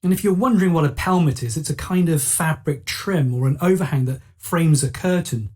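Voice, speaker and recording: Woman, teacher narrator, soft mellow tone with a husky edge, clear explanatory delivery. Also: low voice, a little fast. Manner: clear explanatory, rhetorical questions. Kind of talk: scripted lesson narration.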